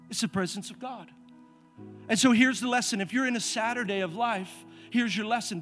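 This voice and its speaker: A man preaching a sermon as a pastor, telling a personal story and calling on the congregation to respond, moving between hushed, quiet passages and loud, emphatic ones. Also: sits high, brisk, soft background music.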